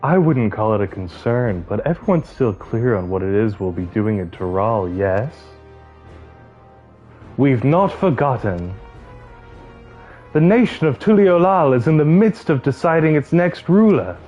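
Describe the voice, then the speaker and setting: A man lends his voice to a hulking cat woman who speaks low, formal and earnest. Each line is given the measured weight of a game cutscene. The sound is a little muffled, with game music under it. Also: very animated. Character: big buff cat woman, bold and earnest. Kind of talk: voicing game cutscenes on stream.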